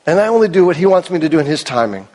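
High-voiced preacher with a cracking voice. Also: male voice, sing-song, rapid-fire, darkish tone. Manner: earnest, emphatic, asks the congregation questions. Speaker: pastor. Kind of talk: sermon. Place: church service hall. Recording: long reverb of a large hall.

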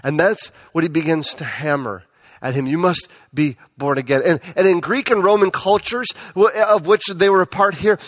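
A man's voice: high voice, moderate pace, a bit bright. A man, perhaps in his thirties, preaching a sermon as a pastor, often stumbling and repeating words as he goes.

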